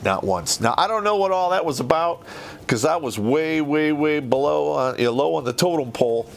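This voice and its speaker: A man's voice: a little high, lively intonation, normal speed, vocal fry, slight background noise. A man hosting a podcast who tells stories in a casual, rambling way and swears heavily. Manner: profane, rambling and conversational. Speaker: podcast host. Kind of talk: casual storytelling.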